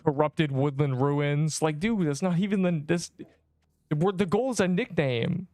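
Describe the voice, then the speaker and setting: A man's voice: high voice, expressive, normal speed, a little mellow, dry recording, clean studio sound. A young man chatting on a game livestream, rambling in slang and joking with mock outrage at his chat. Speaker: game streamer.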